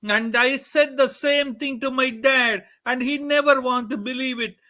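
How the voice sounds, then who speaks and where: An earnest little boy pleads and calls out again and again in a high, bright voice, as a storyteller puts him on. He sounds sincere and wronged, a figure in a devotional storybook tale. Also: steady tone, a little slow, full character voice. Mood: pleading. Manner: pleading, repeats calls to the god.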